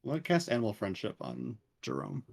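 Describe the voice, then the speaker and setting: A man's voice: medium pitch, very animated, quick pace, gravelly, a little mellow. A man playing a tabletop game, talking through the rules casually. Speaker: player.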